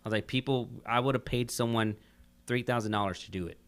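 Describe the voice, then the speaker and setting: A man hosting a casual podcast chat, talking in a halting way with frequent restarts. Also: mid-range voice, clear, resonant tone. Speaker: podcast host.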